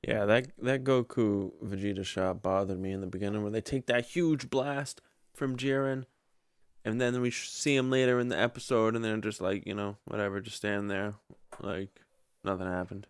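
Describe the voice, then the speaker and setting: A man's voice: on the low side, fairly even intonation, normal speed, clear, resonant tone, no echo, clean studio sound. A man co-hosting a casual podcast, laid-back, giving short replies and laughing often. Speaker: podcast co-host.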